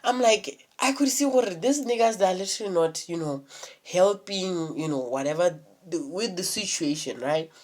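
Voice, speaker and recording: A woman's voice: lowish voice, animated, moderate pace, a little mellow. A young woman telling a rambling, profanity-laced story in a casual vlog, full of fillers and restarts. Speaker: vlogger.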